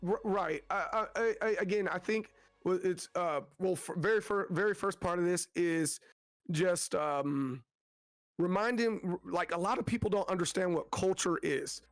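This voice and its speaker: High-voiced man, casual and rambling. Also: normal speed, dry recording. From Tennessee, USA. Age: adult with children. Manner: rambling, frequent restarts, acts out quotes. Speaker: guest streamer. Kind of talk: casual interview talk.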